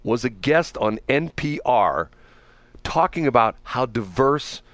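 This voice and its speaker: A man's voice: mid-range voice, animated, slow, fairly bright tone, dry recording. A middle-aged man hosting a radio talk show, telling stories in casual banter and laughing often. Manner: chatty, laughing storyteller.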